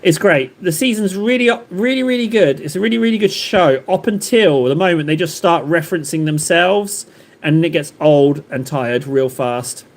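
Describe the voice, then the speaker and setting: Rambling jokey man with a high voice. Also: expressive, normal speed. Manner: rambling, jokey, lots of fillers and self-interruptions. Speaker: livestream host. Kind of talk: casual chat with live chat readers.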